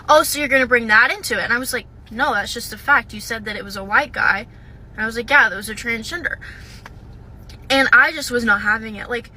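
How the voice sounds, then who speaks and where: Young woman, student, casual to-camera storytelling, piercing bright tone, slightly high voice, hesitant with lots of ums. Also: slight background noise, rough recording. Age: young adult. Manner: hesitant, with frequent "um" and "like". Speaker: university student.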